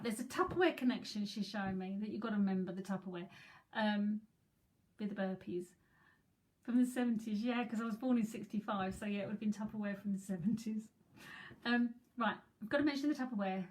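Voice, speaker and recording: A woman's voice: fairly high pitch, low-quality recording. A woman in her fifties from England, chatting and giggling her way through a live psychic reading with rambling asides. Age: 50s. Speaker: psychic medium.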